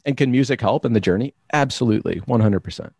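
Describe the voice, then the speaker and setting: A man's voice: medium pitch, lively intonation, quick pace, gravelly, a little mellow, breathy edge, no room sound, clean studio sound. A man being interviewed, explaining his ideas in a reflective, searching way with many restarts. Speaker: guest. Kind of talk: conversational interview.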